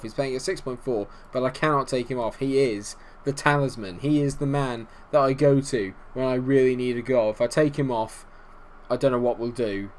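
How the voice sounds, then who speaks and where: A young man commentating on his own football management game, swinging from low muttering to shouted celebration. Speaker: gaming YouTuber. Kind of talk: excitable gameplay commentary.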